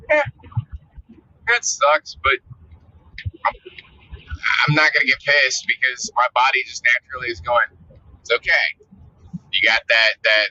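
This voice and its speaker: A man's voice: mid-range voice, bright, forceful tone, dry recording. A man vlogging in a casual, profane, exasperated rant straight to camera. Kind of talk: casual ranting monologue. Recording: dull lo-fi audio.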